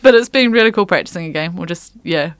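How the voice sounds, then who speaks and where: Female musician guest, lowish voice, dry close sound, laid-back rambling answers. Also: animated, quick pace, no echo. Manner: casual, trailing off, lots of yeahs. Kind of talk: casual radio interview.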